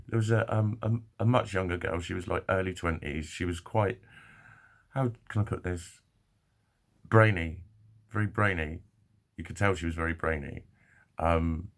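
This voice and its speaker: Bloke vlogging, lowish voice, rambly and sweary, laughs a lot. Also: male voice, moderate pace, gravelly. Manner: swears freely, laughs often, animated retelling. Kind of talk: casual storytelling monologue.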